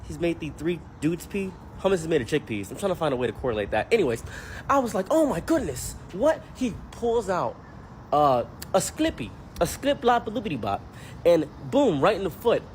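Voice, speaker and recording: Man, comedic storyteller, animated, joking, acts out the people he mentions, fairly high voice. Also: a little fast, slight background noise. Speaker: commentary YouTuber.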